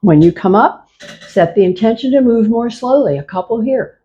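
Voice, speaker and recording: A woman leading a chair yoga class, giving calm, repetitive cues to move slowly and breathe. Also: a little high, husky, dull audio. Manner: slow, calm, repetitive cueing. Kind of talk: guided exercise class instruction.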